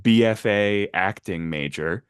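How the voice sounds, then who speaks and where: Fast-talking young man hosting a podcast. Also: on the low side, smooth, no echo, studio quality. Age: young adult. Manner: fast-talking, laughs often. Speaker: podcast host. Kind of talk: casual chat.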